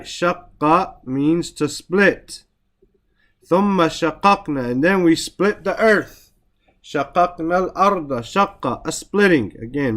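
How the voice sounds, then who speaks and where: A man's voice: a little high, a bit bright. Man teaching Quranic Arabic word by word. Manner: explains word by word, recites Arabic verses quickly, repeats terms. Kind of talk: Quran vocabulary lesson.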